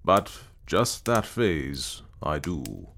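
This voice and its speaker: Male reader as a careful pipe-smoking gentleman in a storybook, low voice, slow and musing. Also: sing-song, vocal fry, a little hiss or hum, full character voice. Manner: measured, musing. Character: cautious reflective older gentleman, pipe smoker.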